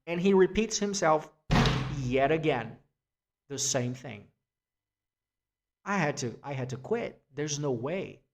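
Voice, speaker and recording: A man's voice: a little high, expressive, takes it slowly, pauses often. A man giving a free-form spoken essay, rambling with restarts and casual swearing. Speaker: essay vlogger.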